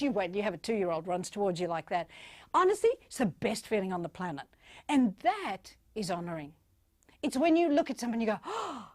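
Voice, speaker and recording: A woman speaking as a keynote speaker, giving a playful, animated motivational talk and acting out little voices. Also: fairly high pitch, no echo.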